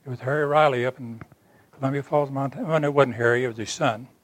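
A man's voice: mid-range voice, fast talker, no room sound. Dry-voiced, earnest man preaching. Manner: earnest storytelling, acting out dialogue; plainspoken and folksy. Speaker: church speaker. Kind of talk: sermon told as a personal story.

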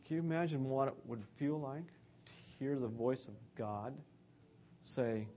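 A man's voice: medium pitch, a little slow, dark tone. A man giving an earnest, conversational sermon about scripture.

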